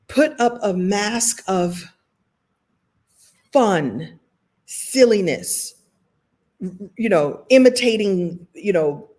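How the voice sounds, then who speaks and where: A woman from Brooklyn hosting a motivational talk, telling a personal story in an animated, self-deprecating way. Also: medium pitch. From Brooklyn, New York. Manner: animated, self-deprecating, shifting pace and loudness. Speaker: host and motivational speaker.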